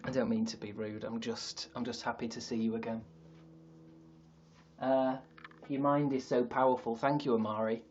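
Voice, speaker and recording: In his sister's attic, a livestream host with a Yorkshire accent rambles in a self-mocking way, with some swearing. His medium-pitched voice is a little mellow, flat in pitch, and at normal speed, while the audio has its highs cut off and a little hiss or hum.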